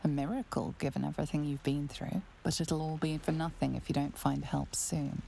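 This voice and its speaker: A grave, all-knowing storyteller narrates a video game in slow, measured second person, pressing hard on chosen syllables. Her voice sits very low and has a heavy gravelly fry, and a faint hiss lies underneath it. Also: flat delivery, mellow. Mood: ominous. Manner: measured, stressing certain syllables. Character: grave omniscient female storyteller, calm and ominous.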